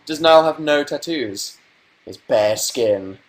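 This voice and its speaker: A man's voice: a little high, animated, slow pace. Dry, sarcastic young British man. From Britain. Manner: dry, sarcastic, playful asides. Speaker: livestream host. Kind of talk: casual live-stream chat, reading viewer comments.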